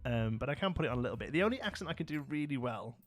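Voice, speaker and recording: A talkative man with a Brummie accent chats his way through a live game stream, laughing easily and replying to viewers. His voice sits at an ordinary middle pitch. Game music plays faintly behind him. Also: animated, racing. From Birmingham, England. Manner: chatty, laughs often, answers viewer comments. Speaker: livestream host. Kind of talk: casual live gameplay chat.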